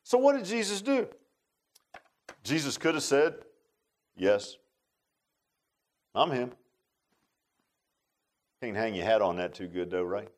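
A man's voice: medium pitch, animated, moderate pace, darkish tone. A man teaching a Bible study class in a casual, folksy sermon style, often asking his listeners questions.

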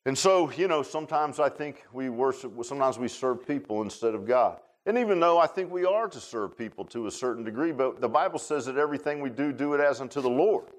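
A man's voice: medium pitch, expressive, a little fast, few pauses. A middle-aged man preaching a folksy sermon, telling personal stories in a chatty, drawling way, often repeating words and laughing at his own tales. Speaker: pastor.

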